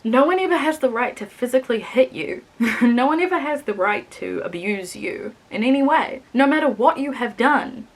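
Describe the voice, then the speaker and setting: A young woman vlogger casually reviewing a book she read, animated and laughing often, swearing freely. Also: fairly high pitch, normal speed.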